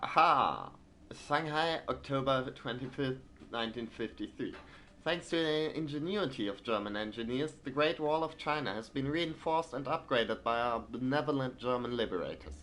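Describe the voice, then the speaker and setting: A man's voice: mid-range voice, moderate pace, fairly bright tone, slight background noise. A man streaming a video game, reading in-game newspapers aloud and breaking off into hesitant, filler-laden asides. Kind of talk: let's play, reading game text aloud.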